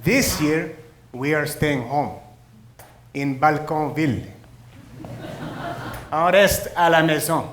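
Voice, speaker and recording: A man's voice: a little high, slow pace, pauses often, fairly bright tone, roomy sound, slight background noise. A man playing an Italian immigrant father. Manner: teasing, exclaiming with Italian phrases. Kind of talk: stage play acting.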